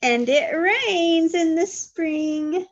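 A woman teacher reading a picture book aloud to toddlers, gentle and full of questions, with animated sound effects. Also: extremely high pitch, drawn-out words, highs cut off. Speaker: early childhood teacher.

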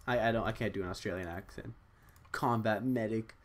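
A young man casually commentating as he opens game loot boxes at his computer, excitable, talking to himself, groaning and cheering. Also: fairly low pitch, a little fast, slight background noise. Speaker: gaming channel host. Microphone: desk USB microphone.

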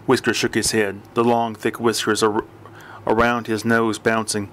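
A man narrates an audiobook, reading the scene in a dry, even storytelling voice. His delivery is scripted and steady. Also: lowish voice, moderate pace, a little hiss or hum.

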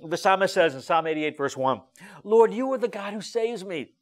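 A man preaching a sermon as a rabbi, emphatic and lively, with frequent fillers and restarts. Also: high voice, normal speed.

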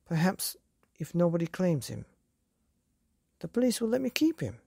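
A woman's voice: lowish voice, big pitch swings, moderate pace, gravelly, dark tone, slightly rough, no room sound, studio quality, voice pushed up, full character voice. A woman voicing an eager, pleading young boy in a bedtime story.

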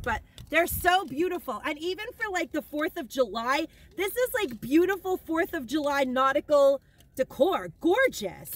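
High bright-voiced lady gushing over her haul, rambly and kinda teary. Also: slight background noise. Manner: emotional, close to tears. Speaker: haul vlogger. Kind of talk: casual shopping haul vlog.

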